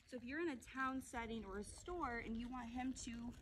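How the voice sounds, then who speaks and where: A woman with a high voice trains a dog outdoors, mixing explanations with calm, gentle commands. She is heard from a distance on the camera mic. Loud background noise runs under her voice. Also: moderate pace.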